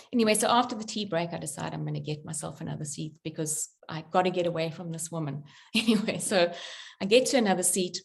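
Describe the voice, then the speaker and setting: A middle-aged woman, a spiritual author and workshop leader, talking about belief and telling a personal story in an animated way, acting out quotes with many fillers. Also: fairly low pitch. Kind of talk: conversational talk with personal story.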